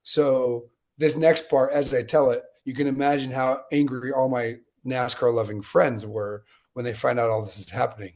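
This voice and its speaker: Gravelly man in his late thirties. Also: medium pitch, steady tone, normal speed, hardly any pauses, a little mellow. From Utah. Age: late 30s. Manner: conversational, digressive storyteller. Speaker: guest. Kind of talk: casual storytelling interview.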